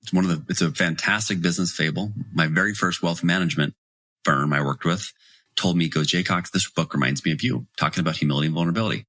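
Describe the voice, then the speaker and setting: A man in his forties telling lively stories as a podcast guest, acting out the people he quotes. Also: low-pitched, quick pace, no echo, studio quality. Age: 40s. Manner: animated storyteller, acts out quoted voices. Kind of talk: storytelling in podcast interview.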